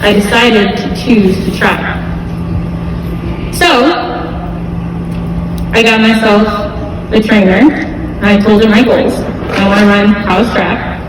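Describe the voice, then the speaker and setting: A young woman gives a relaxed, heartfelt talk to a school audience, with many fillers and repeated words. She sounds distant from the mic, with long reverb from a large hall and a steady noisy background. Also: medium pitch, slow pace, pauses often. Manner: casual, earnest, with fillers and repeats. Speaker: guest speaker at a school event. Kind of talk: motivational talk to students. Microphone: distant camera mic. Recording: echoey gym, far from the mic.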